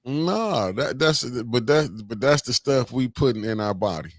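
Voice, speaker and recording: A man's voice: mid-range voice, animated, measured pace, no echo, clean studio sound. A man co-hosting a casual live-stream chat, colloquial and laid-back, chuckling often. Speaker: co-host.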